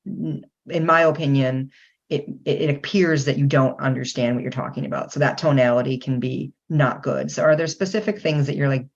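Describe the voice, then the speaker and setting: Low-voiced woman host, slightly dull sound. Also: steady tone, fairly quick, creaky. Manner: chatty, many fillers, quotes voices in stories. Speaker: podcast host. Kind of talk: podcast interview.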